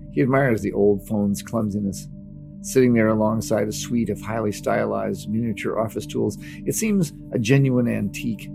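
A man narrates a novel in a steady, dramatic audiobook reading. His voice is low and strongly gravelly, with clear music playing beneath.

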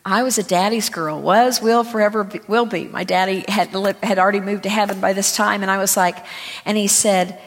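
A woman pastor shares personal testimony in an earnest, conversational sermon, acting out the lines of each person in her stories. Her voice sits at a middle pitch, and a long reverb from a large church hall trails behind it. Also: steady tone, brisk. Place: church sanctuary.

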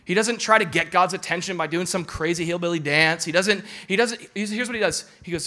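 A man preaching a sermon in an animated, humorous and emphatic way. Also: sits high, fairly quick, hardly any pauses. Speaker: pastor.

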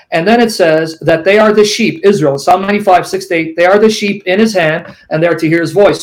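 A man's voice: sits high, rough recording. A man debating, combative, who quotes scripture at length and presses his opponent with pointed questions. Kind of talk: heated debate.

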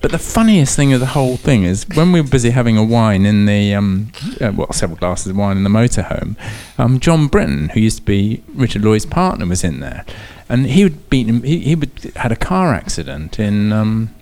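Man, racing guest, tells a comic story; animated pitch, chuckles through it. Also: brisk, few pauses. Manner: laughing often, lively storyteller. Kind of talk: comic anecdote telling.

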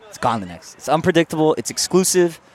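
A man's voice: fairly high pitch, fast talker. A man co-hosting a podcast, bantering crudely and telling stories while standing in line outdoors on a city street. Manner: joking, crude, lively storyteller. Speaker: podcast co-host. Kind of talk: casual banter.

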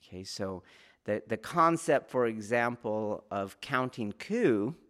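A man's voice: fairly low pitch, animated, takes it slowly, a bit bright. A man teaching about martial arts in an informal lecture, talking conversationally and often checking whether listeners follow.

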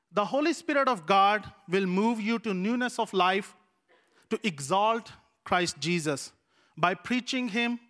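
Man, pastor giving a sermon, bright forceful tone, repeats lines for emphasis. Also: sits high. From Pakistan. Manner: earnest, repeats phrases for emphasis. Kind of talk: sermon told as a personal story.

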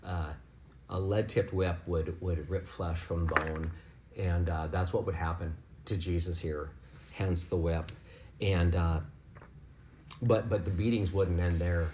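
A man leading a home Bible lesson for his kids, explaining scripture in a relaxed, conversational way. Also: low-pitched, slow pace, background noise. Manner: rises to loud, fervent preaching, then talks softly and warmly with kids. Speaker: father leading a family devotion. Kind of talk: preaching to children at home.

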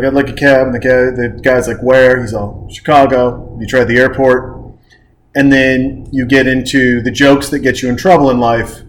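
An animated man co-hosting a casual movie podcast, jumping into scenes and playing out the characters. His voice sits at a middle pitch, and a faint hiss of noise runs under the recording. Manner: animated, acts out movie scenes with shouted curse-laden lines. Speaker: podcast co-host. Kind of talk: casual movie-review chat.

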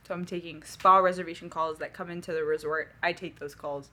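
A young woman telling stories in casual chat, animated and swearing, acting out what people said. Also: lowish voice, a little fast. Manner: animated, swearing, laughing, acts out quotes. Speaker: resort reservations agent.

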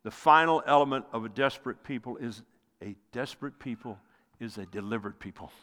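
Preaching man in a reverberant hall. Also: brisk. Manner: impassioned preaching, swells loud then drops low. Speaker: pastor. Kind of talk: sermon.

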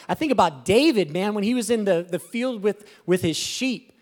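A man preaching a sermon as a pastor, animated and swelling to emphatic exclamations. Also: sits high, moderate pace, hardly any pauses.

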